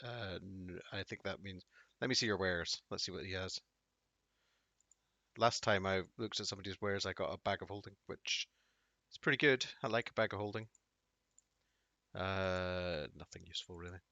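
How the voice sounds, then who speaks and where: A man's voice: sits low, normal speed, long pauses, sharp tone, no room sound. A man streaming a game, making wry, chatty asides and thinking aloud as he plays. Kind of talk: casual live gameplay commentary. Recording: dull dry home audio.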